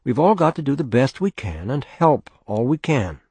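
A man voicing a patient, weary farm mother who speaks gently but firmly to her sick son. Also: medium pitch, very animated, moderate pace, husky, dry recording, voice pushed up. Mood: soothing, firm.

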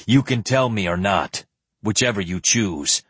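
A man's voice: on the low side, expressive, unhurried, a bit bright, husky, no echo, full character voice. A man voicing a stern, grim male knight leader with firm, clipped speech.

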